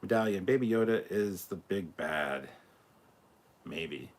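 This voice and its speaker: A man's voice: low voice, lively intonation, takes it slowly. A Scottish man hosting a casual live reaction stream, reading out viewer comments in a laid-back, chatty way and swearing freely. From Scotland.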